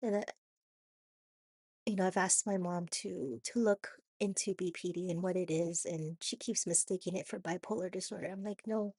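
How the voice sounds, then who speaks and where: A woman with a raspy voice from a cold, talking haltingly in a personal confessional vlog with many restarts and "you know"s. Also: on the low side, steady tone, mellow, no echo, clean studio sound. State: hoarse from a cold. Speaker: vlogger.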